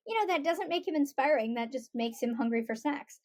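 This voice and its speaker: High-voiced woman, animated podcast guest. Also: brisk, few pauses. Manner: animated storytelling, acts out quoted voices. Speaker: guest, author and parent. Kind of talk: conversational podcast interview.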